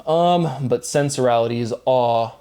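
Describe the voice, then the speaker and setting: A man hosting his own channel, thinking out loud about word logic. He talks in a loose, rambling way with many fillers and restarts. His voice sits at a middle pitch for a man. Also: measured pace, clean tone. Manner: loose, filler-heavy, wordplay-driven musing. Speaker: solo channel host.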